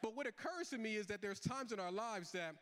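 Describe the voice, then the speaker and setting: Middle-aged pastor guy preaching fast, kinda high voice, big echoey hall. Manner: storytelling with animated quoted dialogue. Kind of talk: sermon.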